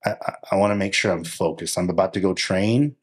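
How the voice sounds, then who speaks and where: Deep-voiced male co-host, loose rambling delivery that acts out inner thoughts. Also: fairly quick, husky. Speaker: podcast co-host. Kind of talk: casual conversation.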